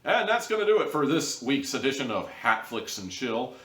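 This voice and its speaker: A man's voice: medium pitch, sing-song, normal speed, a bit bright, echoey room, recorded from a distance. A man hosting a casual video review, rambling and wry in an easygoing way. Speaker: show host and reviewer.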